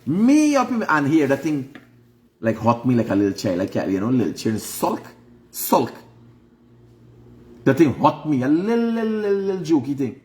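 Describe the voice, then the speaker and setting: A man's voice: mid-range voice, expressive, fairly quick, a little mellow. A middle-aged Guyanese man hosting a casual livestream, lecturing emphatically and firing off rhetorical questions. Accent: Guyanese Creole English. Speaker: online show host. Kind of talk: preachy casual livestream monologue.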